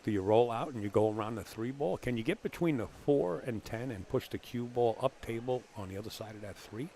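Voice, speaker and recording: Alone in a small commentary room, a man with a Bronx New York accent calls a billiards match live, mixing play-by-play with joking, teasing banter. His voice is medium-pitched, warm, and fairly quick, with slight background noise.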